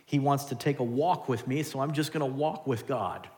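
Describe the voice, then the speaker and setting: Animated preacher man in a reverberant hall. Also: mid-range voice, normal speed. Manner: animated, swings from loud to hushed. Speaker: pastor. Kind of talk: sermon.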